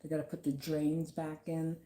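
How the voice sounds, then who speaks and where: Low-voiced woman rambling in an echoey room. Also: monotone, warm tone. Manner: rambling and halting, many fillers. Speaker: vlogger. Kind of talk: casual talk to camera about grief. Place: at home.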